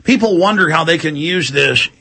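A middle-aged man hosts a heated talk radio show. His voice is husky and gravelly but bright and forceful, and he rambles, repeats himself and slips into mocking impressions. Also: fairly high pitch, lively intonation, normal speed.

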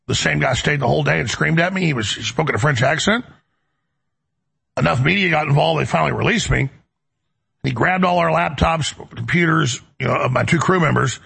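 Gravelly raspy-voiced male talk host. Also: a little high, fairly bright tone. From United States. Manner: emphatic, rambling, repeats words. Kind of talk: heated talk radio monologue.

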